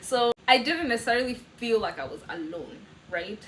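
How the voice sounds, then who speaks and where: A young woman with a Kenyan accent telling a story in a casual vlog, animated, laughing often and slipping in Swahili words. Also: fairly high pitch, normal speed, rough recording. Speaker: vlogger.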